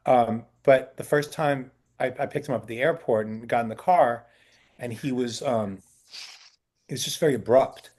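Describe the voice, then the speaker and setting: Speaking at a moderate pace in a mid-range, slightly mellow voice, a man who works as a talent agent answers questions in a sit-down indoor interview. He's casual, tells long stories, imitates the people he quotes, and often uses fillers and starts over.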